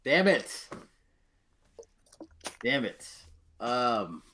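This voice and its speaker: A man on a casual panel, animated and exclaiming. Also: mid-range voice, drawn-out words, slight background noise.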